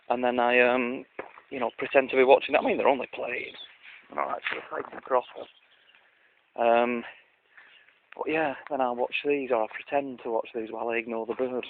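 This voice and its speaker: A man rambling through an outdoor video diary in a dry, self-mocking way. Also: mid-range voice. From Lancashire, England. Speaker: vlogger. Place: outdoors at a country park. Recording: tinny, lo-fi with faint hiss.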